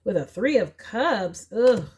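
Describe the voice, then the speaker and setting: Woman, tarot reader, casual chat, animated asides, unhurried delivery. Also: medium pitch. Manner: chatty, animated, slangy asides and acted-out quotes. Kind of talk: casual pick-a-card tarot reading.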